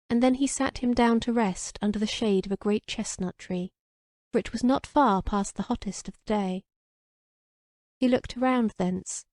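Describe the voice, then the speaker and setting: Woman reading an old romance audiobook, warm mellow voice, dry close sound. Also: mid-range voice, no room sound. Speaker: audiobook narrator. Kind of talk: scripted narration of an old romance.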